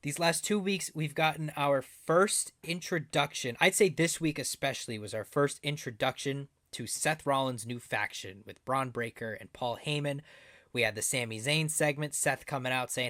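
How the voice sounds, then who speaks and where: A man co-hosting a podcast in easy, animated conversation, laughing often. His voice sits in a middle pitch. The recording is dry and close. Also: normal speed, no echo. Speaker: podcast co-host. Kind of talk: casual chat.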